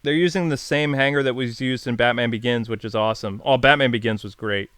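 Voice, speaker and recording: A man's voice: medium pitch, brisk, fairly bright tone, smooth, no echo. A man hosting a casual video channel, chatting enthusiastically and answering viewer questions with frequent fillers and self-corrections. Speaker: YouTube host.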